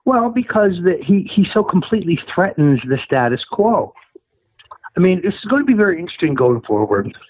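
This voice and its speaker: Guy phoning into an interview, husky and pretty high, pushy and emphatic, thin phone sound. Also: very animated, brisk, dry recording. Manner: emphatic, combative, rising to insistent highs. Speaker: guest, political operative. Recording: tinny phone line, dry.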